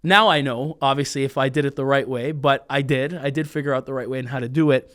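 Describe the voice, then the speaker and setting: A man in his twenties, a mentalist guest, telling stories in a casual, animated podcast interview that drifts off on tangents. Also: medium pitch, quick pace.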